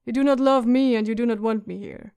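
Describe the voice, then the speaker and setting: A woman's voice: fairly high pitch, fairly even intonation, brisk, darkish tone, clean tone, lightly acted. A woman voicing a sardonic, witty dwarf lord who speaks in a dry, mocking way. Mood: wry.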